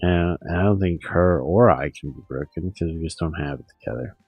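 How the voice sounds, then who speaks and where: A man's voice: deep voice, a little fast, darkish tone, slightly rough, dry recording, soft background music, poor audio. A man streaming a profane, meandering rant full of restarts. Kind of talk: rambling monologue.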